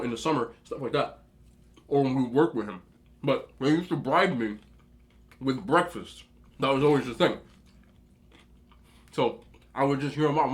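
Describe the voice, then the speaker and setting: A man in his thirties chatting casually at home, rambling through stories as he eats. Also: medium pitch. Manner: chatty, rambling, animated when telling stories. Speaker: mukbang host. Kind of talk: casual storytelling while eating. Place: indoors at home.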